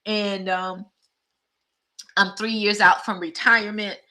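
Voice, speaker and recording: Fifties woman, vlogger, bright tone; conversational and heartfelt, speaks straight to her audience. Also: mid-range voice, little pitch movement, slow pace. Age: 50s. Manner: heartfelt, conversational, addresses viewers directly. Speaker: vlogger and teacher. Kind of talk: candid personal vlog talk.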